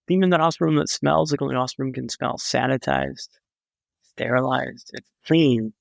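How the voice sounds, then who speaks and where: A man's voice: mid-range voice, animated, fairly quick, gravelly, no echo. A young man, a podcast guest, telling a story in a vivid, dramatic way with wry humor. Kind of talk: storytelling in a conversation.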